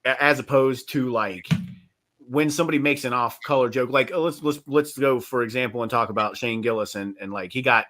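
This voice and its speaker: Bright-voiced profane comedian guest. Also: male voice, mid-range voice, a little fast. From West Virginia. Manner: rambling, profane, animated with many fillers. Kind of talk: casual podcast chat.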